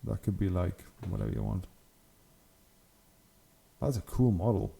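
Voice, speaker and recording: A man's voice: lowish voice, a little slow, gravelly, dark tone. A young man hosting his channel, giving casual, enthusiastic commentary on hobby photos and laughing often. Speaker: channel host.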